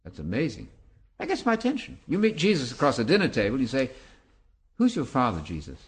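Man, 70s, Bible teacher in interview; animated, emphatic, swings widely in pitch. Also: quick pace. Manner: animated, emphatic preacher-like delivery. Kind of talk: interview answers.

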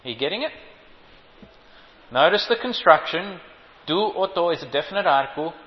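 A man's voice: fairly high pitch, expressive, moderate pace. A man teaching a sermon on Greek Bible wording, stressing and repeating key phrases and quizzing his listeners. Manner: emphatic, repeats key phrases, asks the audience questions. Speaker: preacher. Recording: lo-fi hall recording, long reverb.

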